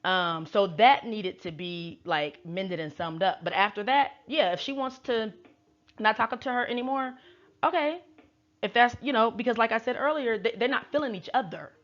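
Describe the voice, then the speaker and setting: A woman's voice: a little high, normal speed, dull audio. A woman tarot reader giving opinionated casual commentary, emphatic and repeating her points for effect. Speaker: tarot reader and reality show recapper.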